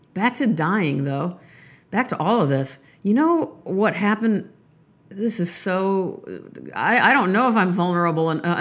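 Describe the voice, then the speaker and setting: Podcast host, woman, slightly low voice; candid and rambling solo chat. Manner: candid, rambling, animated swings in pitch. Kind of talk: casual monologue.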